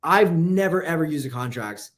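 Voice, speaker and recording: A man's voice: on the high side, animated. A man coaching copywriting in a casual, profane live lesson. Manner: casual, profane, fast-talking.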